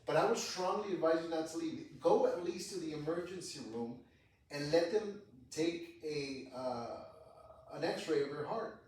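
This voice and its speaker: A man's voice: fairly high pitch, unhurried, far from the mic, slight background noise. Man, casual podcast storytelling, profane, off-mic, echoey room. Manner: profane, animated retelling with quoted dialogue. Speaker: podcast host telling a personal story.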